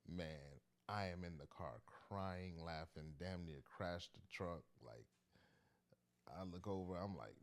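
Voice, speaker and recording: A man's voice: sits low, normal speed. A man who does stand-up comedy, telling a story in a loose, chatty, slangy way. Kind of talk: casual storytelling to camera.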